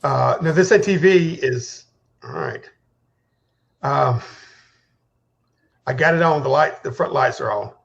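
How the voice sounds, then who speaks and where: A man's voice: mid-range voice, very animated, slow, vocal fry, pauses often, lo-fi sound. A man playing a tabletop game, describing his character's actions eagerly, with stumbling restarts. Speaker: player.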